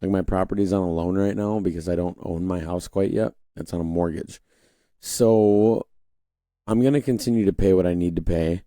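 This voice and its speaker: A young man with a low, deeply mellow voice hosts a casual political monologue. He rambles, restarts his sentences and slips into mocking voices to quote people. The sound is close and dry, with no room around it. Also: fairly even intonation, normal speed, dry recording. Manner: conversational, rambling with frequent restarts and fillers; mocking put-on voices when quoting others. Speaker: podcast host.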